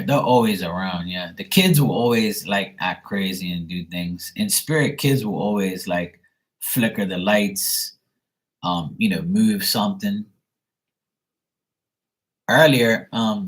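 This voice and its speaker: A man's voice: fairly low pitch, slightly rough, low-quality recording. A man reading tarot on a livestream from home, telling rambling stories in a casual way and swearing freely. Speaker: psychic tarot reader.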